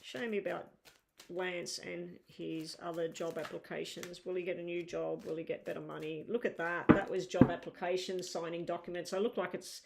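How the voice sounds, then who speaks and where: A woman's voice: fairly low pitch, little pitch movement, normal speed, vocal fry, heavy background noise. A woman giving a live tarot reading, chatty and reassuring, thinking aloud as she turns the cards. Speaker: tarot reader.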